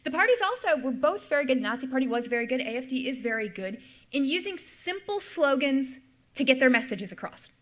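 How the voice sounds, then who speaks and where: A middle-aged woman delivers a history lecture in a slightly high voice. She explains step by step, circling back to restate her key points for emphasis. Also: sing-song, brisk, a bit bright. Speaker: history professor giving a lecture. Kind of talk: lecture with slides.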